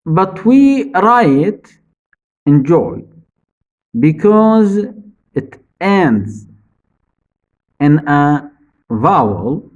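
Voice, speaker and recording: A man teaching English spelling rules, speaking slowly and deliberately, repeating each rule for his students. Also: a little mellow, muffled recording. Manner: stresses key words, drops low at phrase ends. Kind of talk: slow spelling-rule lesson.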